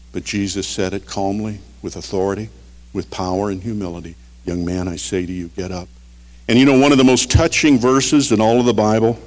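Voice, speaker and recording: Pastor preaching in a reverberant hall. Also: male voice, fairly low pitch. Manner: earnest, storytelling, shifts between loud emphasis and quiet. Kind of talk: sermon. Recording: long reverb of a large hall.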